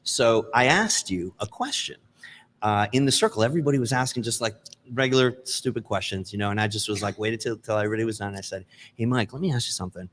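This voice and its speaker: A man's voice: lowish voice, fast talker, fairly bright tone. A male guest in a casual livestream chat, telling a long story with restarts and quoted dialogue.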